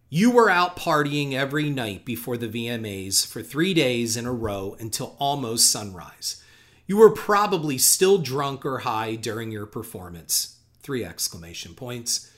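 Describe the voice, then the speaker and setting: Male podcast host, lively pitch, emphatic quote reading with dry asides. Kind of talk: reading quotes aloud with commentary.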